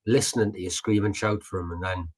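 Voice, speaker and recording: Male co-host, lowish voice, loose storyteller with fillers. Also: fairly even intonation, fast talker. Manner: chatty, swears, tells stories with many fillers. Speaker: podcast co-host. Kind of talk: casual chat.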